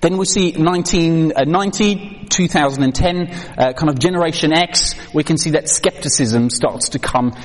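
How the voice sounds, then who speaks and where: At a moderate pace and with hardly any pauses, a man whose voice sits on the high side trains a live hall audience on children's faith. His talk is conversational, packed with fillers and questions to the room, in a reverberant recording.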